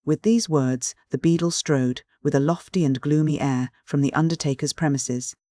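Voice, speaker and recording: A man narrating a classic novel as an audiobook in a measured, even storytelling manner. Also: on the high side, no echo, studio quality.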